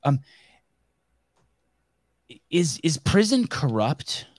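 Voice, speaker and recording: A man's voice: on the high side, sing-song, drawn-out words, no echo, studio quality. A man hosting a podcast in casual interview chat, who restarts his sentences often and swears freely. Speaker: podcast host.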